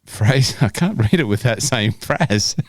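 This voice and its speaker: A man's voice: medium pitch, lively intonation, measured pace, no echo. A man co-hosting a casual podcast, joking around and stumbling as he reads questions aloud. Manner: jokey, stumbles and restarts when reading aloud. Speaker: podcast co-host.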